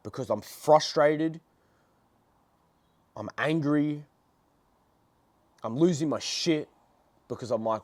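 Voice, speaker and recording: A young man vlogging, telling a story in a casual, blunt, excitable way and swearing heavily. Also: a little high, slow pace, long pauses, no room sound.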